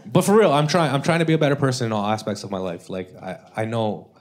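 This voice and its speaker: A man's voice: mid-range voice, fast talker. A man doing a live stand-up comedy set, talking loosely and casually, with frequent tag questions like "all right?". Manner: loose, conversational, peppered with "all right?" and "you know?". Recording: live club with audience. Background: audience laughter.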